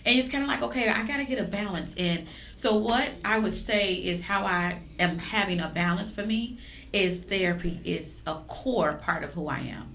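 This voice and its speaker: A woman guest in a podcast conversation, speaking earnestly and affirmingly, jumping higher when she quotes herself. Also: normal speed, creaky, fairly bright tone. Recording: echoey room with faint noise.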